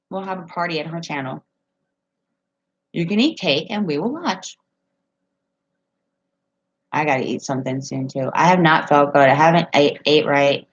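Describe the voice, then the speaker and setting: A woman's voice: sits low, moderate pace, long pauses, highs cut off. A woman chatting casually on a live stream from home, reading viewer comments and telling rambling stories with frequent laughs.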